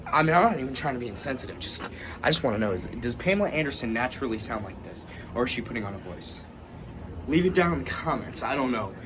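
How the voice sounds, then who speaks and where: A man hosting his own movie review channel, talking casually at home in a rambling, animated way with some swearing. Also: mid-range voice, fast, noisy background.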